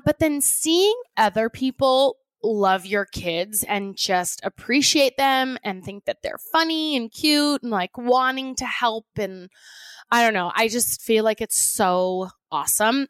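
A woman co-host in relaxed podcast chat who speaks earnestly and reacts with enthusiasm. Her voice is a little high. It is recorded close and dry. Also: clear, resonant tone, no echo. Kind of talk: casual chat.

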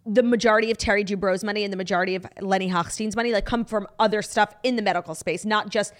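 A woman's voice: mid-range voice, fast talker. Chatty, frank woman co-host. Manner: animated, frank, swears casually. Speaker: podcast co-host. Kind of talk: casual chat.

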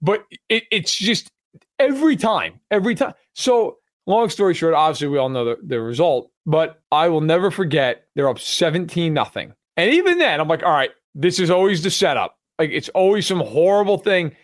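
Male sports talk host, slightly high voice, emphatic storyteller, dry close sound. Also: lively intonation, normal speed, dry recording. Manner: storytelling, emphatic, swears freely. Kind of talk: casual sports chat.

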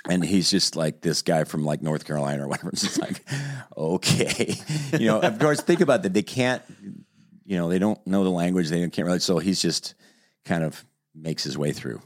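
A podcast host with a deep voice tells a story at a moderate pace during a casual chat. He animates it by energetically acting out the quotes.

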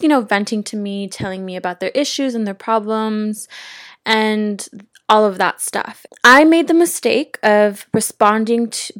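A woman's voice: medium pitch, no room sound, clean studio sound. A young adult woman hosting a casual wellness podcast, earnest and effusive, a little out of breath. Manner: earnest, effusive and grateful, repeating words for emphasis. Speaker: podcast host.

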